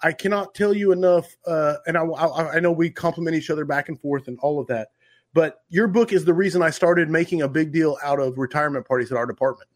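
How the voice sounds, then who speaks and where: Man, middle-aged, from Oklahoma, podcast host, enthusiastic, casual chat, somewhat high pitch. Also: fast talker.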